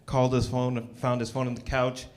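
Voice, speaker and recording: A young man doing a stand-up set at an open mic, with a loose, halting delivery full of ums. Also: mid-range voice, monotone. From Canada. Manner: laid-back, halting delivery with many ums. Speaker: stand-up comedian. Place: small comedy venue with a live audience.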